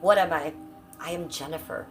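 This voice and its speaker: A woman's voice: low voice, normal speed, over music. Blunt, foul-mouthed woman live-streaming. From Cleveland, Ohio, USA. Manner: blunt, profane, chatty; reads out chat comments. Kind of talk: casual live-stream chat.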